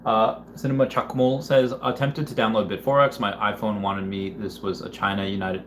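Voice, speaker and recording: On a livestream, a man chats casually, reading viewer comments out loud and rambling with plenty of fillers and restarts. His voice is lowish and level at a normal speed, with a little hiss or hum and a roomy echo on the recording.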